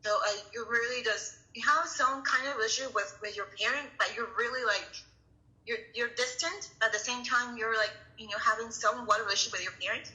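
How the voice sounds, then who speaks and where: A young woman giving an earnest personal testimony in a class, talking in halting, restarting phrases. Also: a little high, bright, forceful tone, low-quality recording. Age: young adult. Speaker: coach sharing her story in a class.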